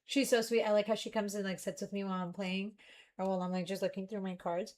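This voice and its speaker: A young woman streamer chatting casually, rambling and ranting in an animated way. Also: mid-range voice, quick pace.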